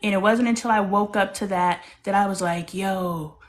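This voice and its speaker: A woman's voice: medium pitch, steady tone, a little fast. A middle-aged woman in a casual book club conversation, speaking in an earnest, emphatic way.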